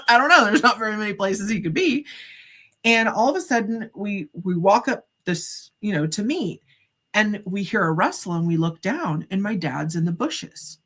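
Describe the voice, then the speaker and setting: A woman's voice: medium pitch, moderate pace. A middle-aged woman, a psychic medium, telling a story as a podcast guest, acting out the dialogue with many casual fillers. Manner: animated, acts out quoted dialogue, frequent "like" fillers.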